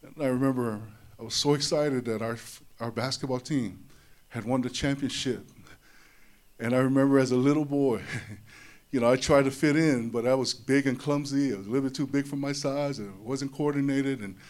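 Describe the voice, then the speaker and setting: A man giving a personal testimony to an audience. He talks in an animated way, repeats his words, and drops low and soft in tender moments. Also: moderate pace. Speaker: speaker sharing a personal testimony. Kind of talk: emotional storytelling speech.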